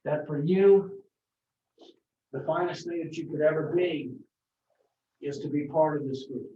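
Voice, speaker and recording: A man's voice: on the high side, unhurried, mellow, a little hiss or hum. A man teaching a college marketing class, talking conversationally with anecdotes and frequent restarts. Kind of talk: classroom lecture. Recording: echoey classroom from a distant mic, dull sound.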